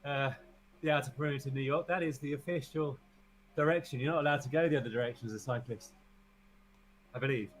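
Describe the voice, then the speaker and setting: A man's voice: medium pitch, fast talker, long pauses, rough recording. A man co-hosting a live stream, chatting in a jokey, playful way. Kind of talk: casual chat.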